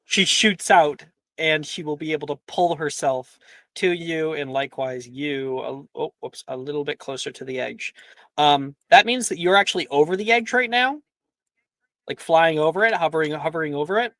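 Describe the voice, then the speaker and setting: Male tabletop game master, chatty, quick to laugh, crisp bright tone. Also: a little high, no echo. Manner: chatty, laughs often, many fillers.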